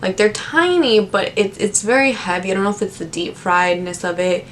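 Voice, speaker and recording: A young woman talks straight to camera, retelling stories from her service jobs in a loose, chatty way. Her voice sits at an ordinary middle pitch. A faint rumble runs underneath. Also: moderate pace. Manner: chatty, animated retelling with many fillers. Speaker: vlogger. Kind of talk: casual storytelling to camera.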